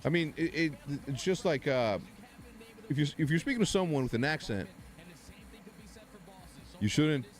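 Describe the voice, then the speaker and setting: A man in his forties, a native Spanish speaker, chatting casually with his viewers while hosting a live watch party, with loud bursts of hype. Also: on the high side, normal speed, long pauses. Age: 40s. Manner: animated, hypes things up with loud exclamations. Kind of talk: casual live-stream chat.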